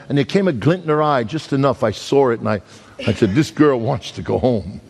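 A man's voice: medium pitch, animated, fairly quick, gravelly, a little mellow. A man preaching as an evangelist, telling a story in a folksy, emphatic way with many restarts and repeated words. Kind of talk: storytelling sermon.

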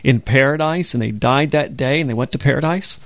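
A man's voice: medium pitch, fairly quick, fairly bright tone. A man co-hosting a religious radio talk program, telling stories and reading scripture in an earnest, conversational way. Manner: earnest storytelling, quotes scripture. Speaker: co-host of a Bible program.

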